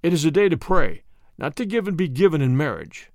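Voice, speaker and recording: Man voicing sullen boer father, stubborn, quick-tempered, gravelly, slightly high. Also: sing-song, darkish tone, no echo, clean studio sound. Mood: sulky. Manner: sulky and stubborn.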